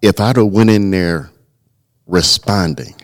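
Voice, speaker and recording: A man's voice: low-pitched, a little slow. A middle-aged man, a pastor co-hosting a podcast, talking earnestly and telling a personal story, often restarting his words. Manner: earnest, storytelling, repeats words when starting. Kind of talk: casual podcast conversation.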